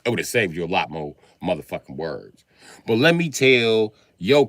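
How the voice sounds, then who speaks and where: A man talking casually on a live stream in a profane, animated way, breaking into laughs between remarks. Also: fairly low pitch, normal speed, dry recording.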